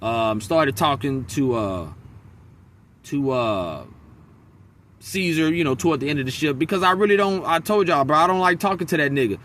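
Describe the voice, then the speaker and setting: Vlogger, male, bright forceful tone, slightly raised pitch, blunt and profane, faint background noise. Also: moderate pace. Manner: blunt, venting, profane, animated storytelling. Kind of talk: casual vlog monologue. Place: outdoors in a wooded area near a freeway.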